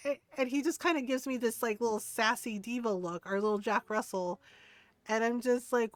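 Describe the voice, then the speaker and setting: A woman's voice: on the high side, a little fast, no room sound. A middle-aged woman streamer chatting casually, rambling and laughing often as she talks. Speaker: game streamer. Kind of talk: casual livestream chat.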